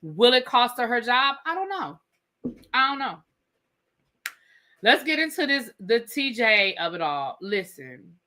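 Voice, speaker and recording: Bright emphatic woman reviewer. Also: on the high side, lively intonation, unhurried. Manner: emphatic, repeats points, swears. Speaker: TV reality show reviewer. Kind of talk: live rant and review.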